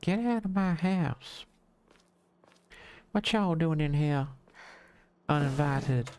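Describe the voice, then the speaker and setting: A man raises his voice into a prim Southern belle lady with a put-on drawl, shooing folks out of her house in a bossy, sugary way. The pitch sits well above his usual deep voice and comes out slow and stretched. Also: expressive, darkish tone, smooth. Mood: indignant. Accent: American Southern (imitated).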